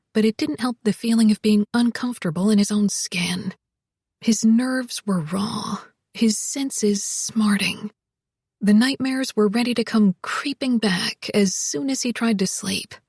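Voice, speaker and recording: A woman reading an audiobook in a measured, even storytelling manner, close to the microphone. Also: mid-range voice, husky, dry recording. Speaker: audiobook narrator. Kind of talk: scripted audiobook narration.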